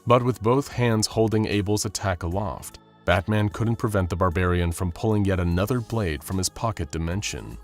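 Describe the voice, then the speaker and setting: A man narrating a scripted action story in a steady, dramatic storytelling manner. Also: sits low, moderate pace, few pauses, soft background music.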